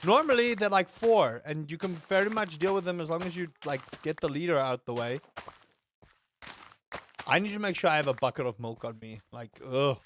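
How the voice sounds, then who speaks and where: A man commentating his game with a slightly high voice, yelling and cursing at enemies. He wanders off into long, rambling asides about what he would like the game to add. Faint noise runs underneath. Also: moderate pace. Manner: excitable, swears freely, rambling asides. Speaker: gaming streamer. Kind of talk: casual let's-play commentary.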